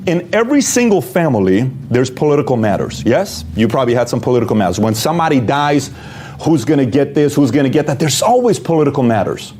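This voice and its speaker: A man with a mellow, relaxed tone lays out his case plainly, throwing rhetorical questions straight at the listener. A faint hum of noise sits behind his voice. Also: mid-range voice, fast talker. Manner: direct, rhetorical questions to the viewer. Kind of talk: motivational talk.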